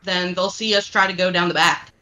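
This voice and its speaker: A woman's voice: fairly low pitch, fairly even intonation, fairly quick, a loud crowd, poor audio. A woman playing a tabletop game, chatty and joking. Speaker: player. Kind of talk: casual tabletop play.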